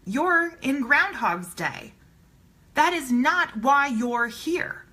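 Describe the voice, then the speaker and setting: A woman's voice: high-pitched, lively intonation, drawn-out words, sharp tone, low-quality recording. A woman giving a live-streamed motivational talk, emphatic and blunt, swearing casually and repeating her points for emphasis. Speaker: motivational speaker.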